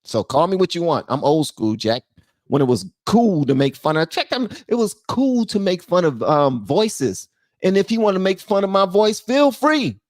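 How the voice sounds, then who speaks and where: A man hosting his own channel, giving blunt, animated commentary and talking straight to his viewers. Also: high voice, moderate pace, no echo, studio quality. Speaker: channel host. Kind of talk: casual political commentary.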